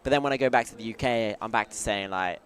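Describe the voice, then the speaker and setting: A man's voice: on the low side, fast talker, fairly bright tone. A British man chatting casually as a stream commentator, talkative and jokey, often restarting his sentences. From United Kingdom. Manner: chatty, self-interrupting, jokey. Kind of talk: casual chat.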